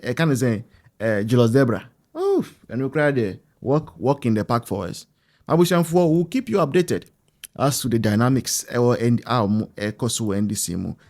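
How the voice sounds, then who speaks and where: A man's voice: mid-range voice, darkish tone. Ghanaian man hosting political commentary. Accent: Ghanaian English. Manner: rhetorical, mixes English with Twi phrases. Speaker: online show host.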